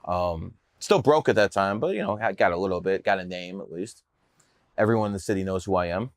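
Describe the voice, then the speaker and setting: A man's voice: low-pitched, animated, a little fast, no echo, studio quality. A man telling stories in a casual interview, brash, boastful and profane. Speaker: podcast guest telling his story.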